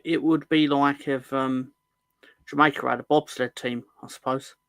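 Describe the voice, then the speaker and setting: A man's voice: mid-range voice, creaky, a bit bright, no echo. A man hosting a football fan livestream in casual chat, rambling and joking, often correcting himself mid-sentence. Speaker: host of a football fan show.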